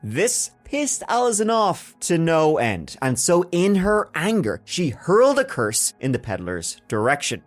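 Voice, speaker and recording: A man hosting a storytelling podcast, talking casually, jokey and animated, with casual swearing. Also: on the high side, measured pace, hardly any pauses, faint music behind. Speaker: podcast host.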